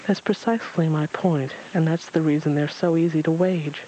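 A man's voice: fairly high pitch, steady tone, slight background noise, natural voice, rough recording. A man doing a wise old stranger, grave. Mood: earnest. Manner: gentle, measured, grave. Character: wise gray-haired old man with a cane. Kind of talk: storybook read-aloud.

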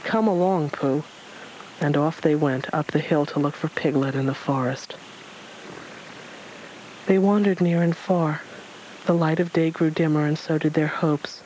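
A man reads a children's story aloud in a fairly high voice, steady and unhurried, now and then stumbling on a word. Faint hiss sits under the reading. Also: poor audio. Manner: steady reading with occasional slips.

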